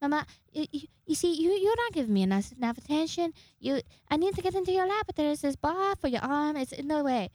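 A woman's voice: high voice, lively intonation, quick pace, few pauses, a little mellow, no echo, pitched above the performer's own voice. A woman voicing her needy young female pet cat, whining and pleading in a babyish way.

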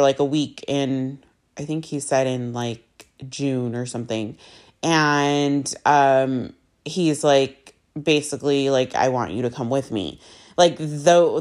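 A woman's voice: sits low, darkish tone. A young woman vlogger telling a personal story in a casual, chatty way, full of fillers and swearing, acting out both sides of her conversations.

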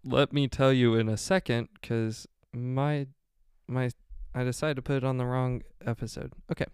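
A man's voice: medium pitch, level tone, moderate pace, darkish tone, smooth, no room sound, clean studio sound. A young man hosting a solo podcast, rambling along with many fillers and frequent self-corrections. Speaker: podcast host.

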